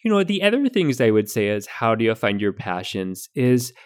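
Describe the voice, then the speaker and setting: Guy doing a folksy midwestern mom giving advice, chatty, medium-pitched, rambly and homey. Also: sing-song, moderate pace, lightly acted. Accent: Midwestern American, put on. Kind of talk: podcast comedy bit.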